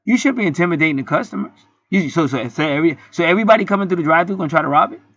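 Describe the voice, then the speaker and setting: A man's voice: on the high side, animated, racing, fairly bright tone, dry recording, highs cut off. A man telling a story in a casual, heated monologue, swearing often and rambling with many restarts. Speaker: channel host.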